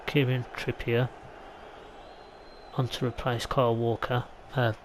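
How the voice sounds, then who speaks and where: In a mid-range monotone at a measured pace, an English man commentates his own football video game play. The gaming YouTuber is chatty and rambling with mild asides, and the poor audio has slight background noise.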